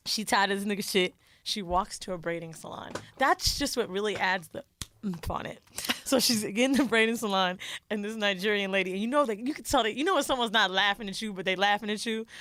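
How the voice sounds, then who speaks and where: A woman's voice: mid-range voice, fairly quick. A young woman co-hosting a podcast, retelling a reality show with lots of swearing and acted-out quotes in casual chat. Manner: animated storyteller, swears freely, acts out quotes. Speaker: podcast co-host.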